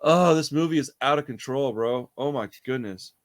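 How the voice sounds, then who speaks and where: A man talking casually about a movie. He is animated, swears freely and laughs often. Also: mid-range voice, moderate pace. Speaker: podcast co-host.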